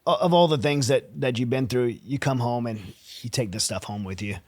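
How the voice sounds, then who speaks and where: A man's voice: mid-range voice, brisk. A man hosting a podcast, asking questions in a searching way, often rephrasing them as he goes. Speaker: podcast host. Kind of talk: conversational interview.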